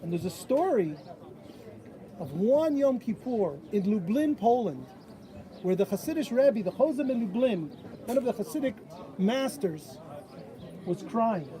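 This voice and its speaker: With a high-pitched voice and a measured pace full of frequent pauses, a man preaches at a bat mitzvah and animatedly acts out the voices of people in his stories. He's outside at an old stone wall, and crowd noise comes through.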